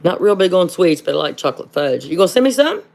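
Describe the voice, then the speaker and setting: A woman from hosting a casual livestream and answering viewer comments. She speaks bluntly, fills pauses with "uh", and calls everyone "honey". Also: on the low side, big pitch swings, gravelly, a little mellow. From southern Ohio. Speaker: livestream host.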